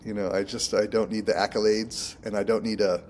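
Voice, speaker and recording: Relaxed low-voiced man from Oregon. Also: brisk, a little hiss or hum. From Oregon, United States. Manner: relaxed, rambling, laughs often. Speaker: minister and contractor, guest. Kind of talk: casual interview chat.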